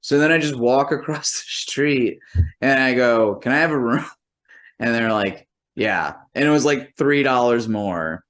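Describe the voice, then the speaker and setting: A man's voice: medium pitch, unhurried, a bit bright. A man, a musician and comedian, telling a long anecdote in casual, rambling speech full of fillers and swearing, quoting the people in it. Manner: profane, rambling, lots of "like" fillers; quotes people in rough imitation while storytelling.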